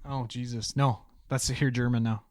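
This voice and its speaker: A man's voice: mid-range voice, steady tone, normal speed, darkish tone, no room sound, clean studio sound. A man co-hosting a casual podcast chat, talking bluntly and swearing freely. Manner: blunt and heavily profane. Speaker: podcast co-host.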